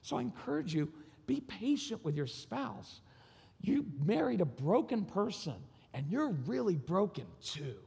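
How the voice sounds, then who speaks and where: With a high, gravelly voice that's slightly mellow and breathy, a male conference speaker talks frankly about parenting and marriage. He performs bits of dialogue while telling personal stories, his words trailing into the long echo of a big hall.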